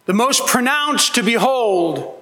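Brief: male pastor, slow bright delivery, emphatic sermon, reverberant hall. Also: very high-pitched, animated. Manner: earnest, emphatic preaching with rising pleas.

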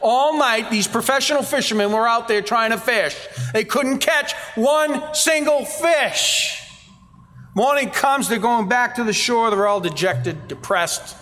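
A man preaching a sermon, telling scripture stories with animated voices for the people in them. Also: extremely high pitch, unhurried. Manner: animated storytelling, acting out quoted voices. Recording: reverberant hall.

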